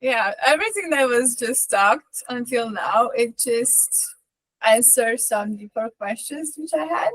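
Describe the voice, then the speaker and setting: A woman's voice: a little high, expressive, unhurried, a bit bright, dry recording, rough recording. A woman on a video call sharing a personal thought, earnest and searching for her words. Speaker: call participant.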